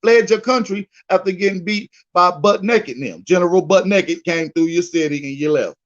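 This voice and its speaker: Man, high and lively, mocking reaction commentary, dull lo-fi sound. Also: normal speed. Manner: animated, profane, mocking, streetwise slang.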